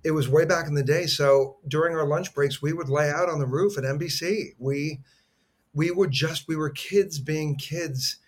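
A man's voice: fairly high pitch, moderate pace. A middle-aged man, an actor guest on a podcast, telling personal stories in an earnest, heartfelt way with many restarts. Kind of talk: conversational storytelling.

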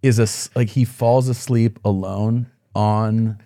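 Gravelly man telling rambling stories. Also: lowish voice, steady tone, slow, mellow, no room sound, studio quality. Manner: rambling storytelling with quoted voices. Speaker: guest comedian. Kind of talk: casual podcast chat.

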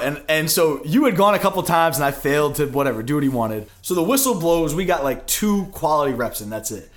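Fast-talking young male podcast host. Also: on the high side, lively intonation. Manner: rambling, filler-heavy anecdote telling with many "like"s. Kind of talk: casual storytelling chat.

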